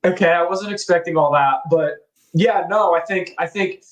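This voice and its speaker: A man's voice: high voice, normal speed, roomy sound, highs cut off. A man co-hosting a political podcast, chatting casually, laughing often and telling stories. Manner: laughing, storytelling, animated. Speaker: podcast co-host.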